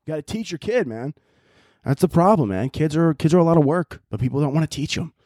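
Young man, Chicago accent, podcast host, rambling, profane, laughs a lot, slightly high voice. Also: animated, fast talker, warm tone, no echo, clean studio sound. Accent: American, Chicago. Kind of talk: casual comedic monologue.

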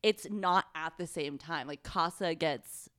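A young woman co-hosting a podcast, jet-lagged and chatting casually, animated and swearing freely. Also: sits low, a little slow, smooth, dry recording, studio quality. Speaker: podcast co-host. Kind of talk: casual chat.

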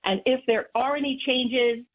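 A woman's voice: high-pitched, steady tone, unhurried. A woman city council member from New York, speaking firmly and emphatically as a guest on a call-in show. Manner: firm and emphatic. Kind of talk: phone-in interview. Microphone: phone line. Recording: tinny phone line.

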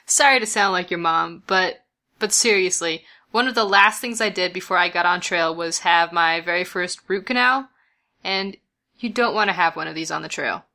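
A woman's voice: on the low side, moderate pace, sharp tone. A woman hosting a podcast, giving direct, friendly advice to listeners before signing off. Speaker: podcast host. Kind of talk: casual podcast sign-off.

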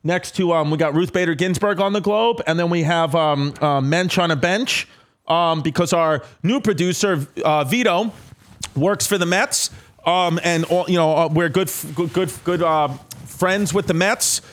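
A man's voice: a little high, moderate pace. A man hosting a podcast, rambling and joking in casual chat with plenty of fillers. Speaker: podcast host.

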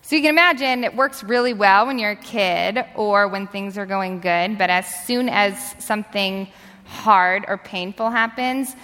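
A woman's voice: mid-range voice, a little slow, a bit bright. A woman giving a candid, reflective personal testimony in church. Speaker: church speaker sharing her story. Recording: reverberant hall.

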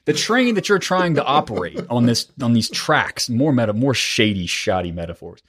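A man's voice: mid-range voice, big pitch swings, moderate pace, a bit bright. A man hosting a political podcast, talking in an impassioned, rambling way and swearing often. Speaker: podcast host. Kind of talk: casual political chat.

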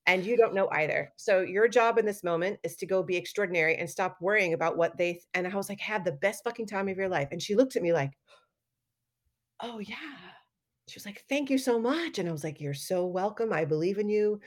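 A middle-aged woman telling stories in a casual interview, animated and acting out quoted lines with laughter. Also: fairly low pitch, brisk. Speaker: guest artist and educator.

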